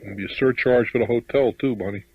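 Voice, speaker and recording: A man's voice: mid-range voice, fast, husky, no room sound. A middle-aged man hosting a call-in radio advice show, blunt and chuckling as he gives callers his advice. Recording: lo-fi radio broadcast audio.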